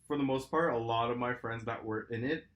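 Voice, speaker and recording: A man's voice: mid-range voice, a little fast, highs cut off. A young man in casual podcast chat who rambles with lots of fillers and swearing. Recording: echoey room.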